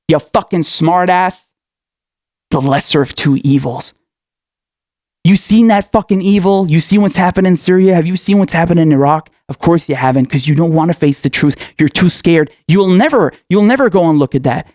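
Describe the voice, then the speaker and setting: Angry political commentator guy, cussing and yelling questions, bone-dry mic. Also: high-pitched, no room sound. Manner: furious, profane, shouting questions.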